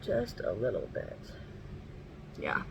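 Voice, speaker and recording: A woman's voice: very deep voice, wildly swooping pitch, slow pace, gravelly, dull audio, noisy background. A woman chatting casually through a makeup tutorial at home, rambling and swearing now and then. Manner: talks sweetly to her dog. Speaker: makeup vlogger.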